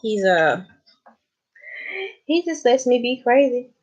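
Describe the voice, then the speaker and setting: A woman's voice: on the high side, big pitch swings, takes it slowly. A Southern woman chatting casually to her viewers, laughing often and calling them honey. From American South. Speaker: vlogger. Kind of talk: casual chat to camera.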